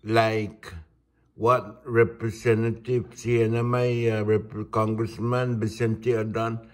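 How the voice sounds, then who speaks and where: Slow, low-voiced ranting man from Saipan. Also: little pitch movement. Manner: indignant, halting, restarts words. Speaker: vlogger. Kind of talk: ranting monologue.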